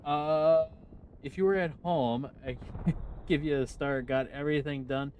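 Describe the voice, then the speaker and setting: Chatty northern US streamer, noisy background. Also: male voice, a little high, fairly even intonation, a little slow, a little mellow, highs cut off. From United States. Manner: chatty, answers chat questions with easy laughs. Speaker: game streamer. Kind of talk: casual live-stream chat.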